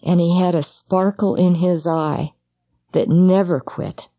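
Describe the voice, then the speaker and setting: Mellow-voiced middle-aged woman, intimate and halting. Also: fairly low pitch, fairly even intonation, no echo, muffled recording. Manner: intimate, halting, speaks straight to the listener. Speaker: psychologist and bereaved mother. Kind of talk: personal talk on grief.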